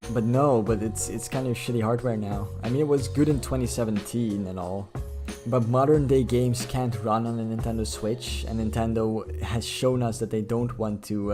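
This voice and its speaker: A man's voice: on the low side, fairly even intonation, moderate pace, over music. A man hosting a reaction video, answering a clip with blunt, sarcastic, profane rebuttals. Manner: sarcastic, blunt, swears freely.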